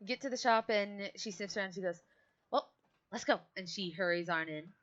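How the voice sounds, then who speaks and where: A woman's voice: mid-range voice, a little fast, a bit bright. A woman narrating a tabletop game as game master, casual and hesitant, on a dull lo-fi mic.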